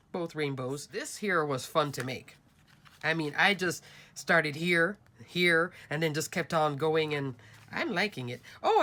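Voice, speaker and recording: Give me an upbeat woman with a slightly low voice hosting a crafting video. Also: fairly bright tone. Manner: chatty, upbeat, addresses viewers as crafters. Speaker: card-making channel host. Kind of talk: casual crafting show-and-tell.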